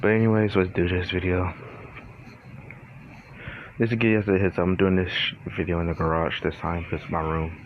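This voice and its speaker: A man's voice: deep voice, level tone, fairly quick, pauses often, noisy background. A young man hosting a casual vlog from a garage, swearing, sighing often and struggling through a bout of hiccups. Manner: sighs often, swears, frustrated and rambling. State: has the hiccups. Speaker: channel host. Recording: dull lo-fi sound with faint ambience.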